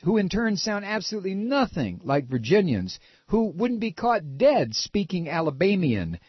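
An older man from Ohio with a nasal voice, talking casually and halting with many repeated restarts. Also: high-pitched, breathy edge, no echo. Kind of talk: casual opinion talk. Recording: dull lo-fi recording.

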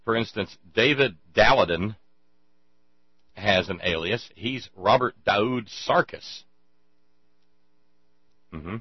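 A man's voice: lowish voice, takes it slowly, pauses often, husky, dry recording, dull audio. A man hosting a show, rambling sarcastically in casual commentary, stumbling over restarts.

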